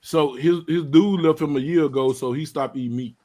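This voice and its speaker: A man hosting a live stream chat with a friend, teasing and joking in slang with sudden loud bursts. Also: on the high side, fairly quick. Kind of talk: casual banter on a live stream.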